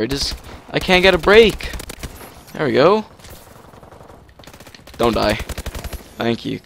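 A man giving casual gameplay commentary, excitable, with sudden shouts and yelps. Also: medium pitch, takes it slowly, gravelly, pauses often, slight background noise. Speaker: gaming commentator.

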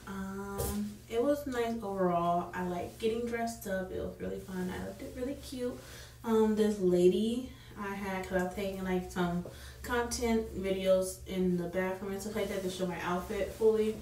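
A woman's voice: mid-range voice, reverberant, far from the mic, a little hiss or hum. Chatty young woman vlogging at home. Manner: rambling, filler-heavy, chatty. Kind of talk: casual vlog chat to camera. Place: at home after an evening out.

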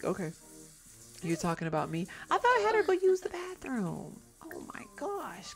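A chatty woman narrates her life-sim gameplay in a very animated voice that swings up and down. She sounds exasperated and talks straight to her viewers. Her pitch sits in a middle range. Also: gravelly. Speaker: gameplay commentator. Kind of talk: casual let's-play commentary.

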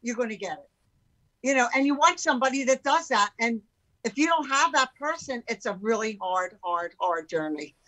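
Through poor audio, a somewhat high-pitched voice comes from an older woman, an entrepreneur on a podcast, speaking at a moderate pace. She chats casually but with emphasis and animation, mimicking the people she quotes.

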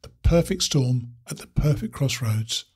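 A man reads a story aloud in a steady, descriptive way. His voice sits in a middle pitch and carries a husky, raspy grain. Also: measured pace.

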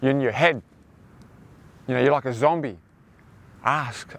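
A man's voice: medium pitch, unhurried, long pauses, a bit bright. A young man hosting a motivational self-help talk, rambling and repeating himself as he addresses listeners as his friends. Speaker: host.

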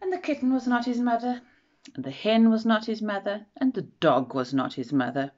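A woman reading a children's storybook aloud in an expressive, measured way. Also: medium pitch. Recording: dull lo-fi recording.

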